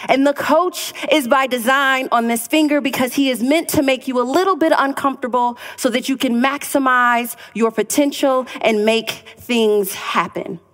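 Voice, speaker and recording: A woman's voice: high voice, normal speed, few pauses. A woman giving a motivational stage talk, telling stories and acting out the dialogue as she goes. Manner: animated storytelling, acting out dialogue. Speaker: inspirational speaker. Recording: reverberant hall.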